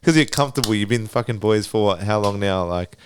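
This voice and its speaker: A young man co-hosting a podcast, musing in a relaxed, slangy way. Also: fairly low pitch, fast talker, noisy background. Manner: laid-back, musing, slangy. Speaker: podcast co-host. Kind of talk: casual banter among friends.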